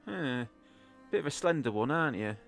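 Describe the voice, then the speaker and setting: A man's voice: medium pitch, expressive, normal speed, vocal fry, voice pushed up. A friendly, chatty middle-aged market clothes seller woman, as a man puts her on. Her voice rises a little when she offers her wares, and faint music plays behind.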